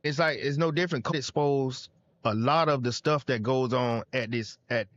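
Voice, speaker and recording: A man's voice: mid-range voice, normal speed, a bit bright, dry recording, highs cut off. A man, a podcast guest, speaking earnestly and plainly in casual conversation. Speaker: podcast guest, nonprofit director.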